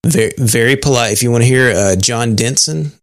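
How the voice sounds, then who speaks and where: Gravelly, halting male co-host. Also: mid-range voice, dry recording, studio quality. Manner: halting, many fillers and restarts. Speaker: podcast co-host. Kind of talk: casual chat.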